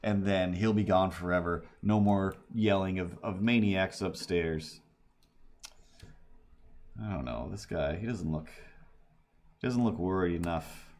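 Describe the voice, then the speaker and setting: A man's voice: low-pitched, measured pace, pauses often, darkish tone, slight background noise. A man livestreaming while he draws, telling a story in a rambling way with restarts and laughs. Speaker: livestreaming artist. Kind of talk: casual livestream chat while drawing.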